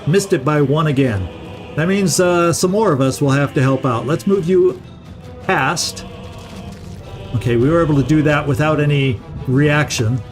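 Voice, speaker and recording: A middle-aged man talks casually over his gameplay in a slightly higher voice. He thinks aloud and repeats words as he restarts his thoughts. Faint music plays beneath him. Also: normal speed. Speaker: gaming channel host. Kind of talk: casual let's-play commentary.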